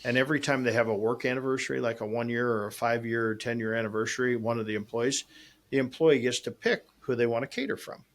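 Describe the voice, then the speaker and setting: A man hosting a podcast, telling a long story in a casual, animated way and acting out both sides of the conversation. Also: mid-range voice, fast. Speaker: podcast host and restaurant owner.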